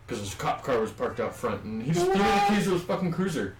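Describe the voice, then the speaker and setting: A man casually telling a long story with a lot of swearing, in a loose, rambling, animated way. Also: medium pitch, fast talker, few pauses, recorded from a distance, background noise. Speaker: podcast co-host. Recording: echoey room, off-mic, faint ambience.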